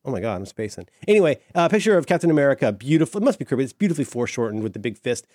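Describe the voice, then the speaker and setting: A man's voice: medium pitch, very animated, racing, a little mellow, dry recording, clean studio sound. A middle-aged man chatting casually as a podcast co-host, enthusiastic and rambling, full of fillers and restarts. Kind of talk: casual chat.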